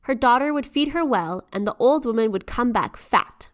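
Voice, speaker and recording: A woman co-hosting a folklore podcast, chatting casually and retelling tales with animated quoted asides. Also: a little high, normal speed. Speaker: podcast co-host. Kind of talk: casual storytelling chat.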